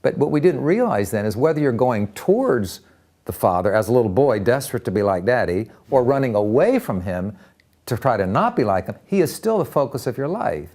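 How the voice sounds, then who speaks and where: An older man telling personal stories in an interview, animated, acting out voices and often repeating words as he talks. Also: medium pitch, fairly quick. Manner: lively, acts out voices in anecdotes, repeats words. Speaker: interviewee, counselor.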